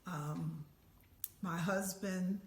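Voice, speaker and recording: An older woman telling a story as an elder, lively and acting out the voices and chants of the people in it. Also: on the low side, drawn-out words. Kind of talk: oral storytelling. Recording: echoey room with faint ambience.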